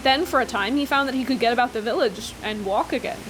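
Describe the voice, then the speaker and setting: A woman's voice: fairly high pitch, fast, a bit bright, slight background noise. A woman reading a story aloud and breaking off for chatty, enthusiastic commentary. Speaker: book vlogger.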